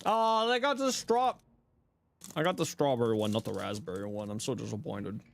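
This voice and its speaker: A man's voice: mid-range voice, lively intonation, moderate pace, gravelly. A young man streaming a game, chatting casually and joking as he reads chat aloud. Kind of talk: casual live game commentary.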